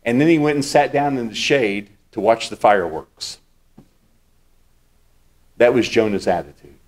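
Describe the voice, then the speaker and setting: A male pastor delivering a sermon in a teaching manner, walking his listeners through a passage point by point. He leans on key words and repeats them to drive them home. His voice sits at an ordinary pitch for a man. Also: lively intonation, normal speed, a little mellow. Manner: teaching, explains scripture step by step.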